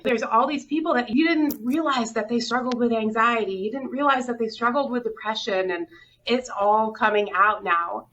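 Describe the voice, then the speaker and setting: A middle-aged hospital director with a fairly high, sharp-toned voice speaks candidly and earnestly in an interview, telling her story with open emotion and sometimes coming close to tears. The audio is dull and distant, with faint noise.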